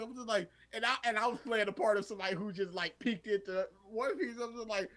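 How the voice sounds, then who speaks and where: A man's voice: sits high, quick pace. A young man co-hosting a podcast, telling a story in casual chat, acting out the voices of others and laughing often. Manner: animated storyteller, acts out quotes, laughs often. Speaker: podcast co-host.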